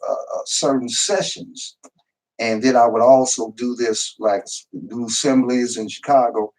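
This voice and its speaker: An older man talking in a relaxed, storytelling way, often repeating words as he goes. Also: mid-range voice, poor audio. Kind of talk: casual discussion.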